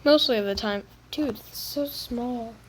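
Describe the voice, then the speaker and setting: A woman gamer with a fairly high voice talks slowly through casual gameplay commentary, her words drawn out. She whines playfully and fakes crying over bad loot. Faint noise sits behind her voice. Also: rough recording. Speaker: gaming video creator.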